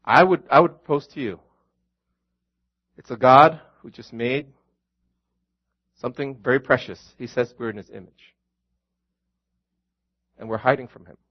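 A man's voice: mid-range voice, measured pace, long pauses, highs cut off. A man preaching a sermon as a pastor, earnest, calling his listeners friends and repeating key lines.

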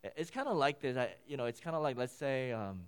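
A man preaching a sermon, teaching through a scripture passage in an animated way, often repeating and restarting words. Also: medium pitch, quick pace, smooth. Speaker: pastor.

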